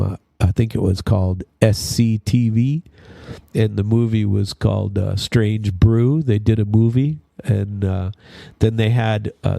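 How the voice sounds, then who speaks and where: A man's voice: lowish voice, vocal fry, warm tone, dry recording, clean studio sound. A man hosting his own radio show, rambling through news commentary with many fillers and restarts. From Minnesota. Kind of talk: casual news commentary monologue.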